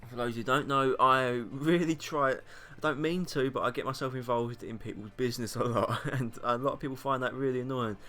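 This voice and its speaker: Speaking quickly with few pauses, a young British YouTuber delivers a casual, rambling vlog monologue to camera, mocking himself and laughing between points. His medium-pitched voice is bright and forceful, and soft music sits behind him.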